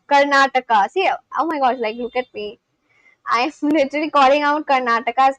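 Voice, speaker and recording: A woman's voice: high voice, brisk, a bit bright, no room sound, poor audio. A woman chatting on a live stream, saying phrases aloud and then translating them. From India (Kolkata, West Bengal). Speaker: streamer learning a language. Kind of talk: casual live-stream chat.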